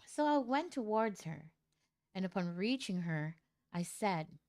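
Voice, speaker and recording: A woman streamer reading out a viewer's love story in a casual way, breaking into loud, shocked reactions and swearing. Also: medium pitch, animated, slow pace.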